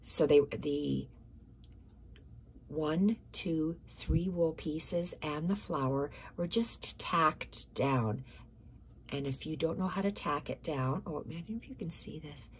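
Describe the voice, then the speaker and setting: A woman's voice: low voice, slight background noise. A woman hosting a casual stitching tutorial, explaining step by step, repeating measurements and correcting herself, sometimes dropping to a near-whisper.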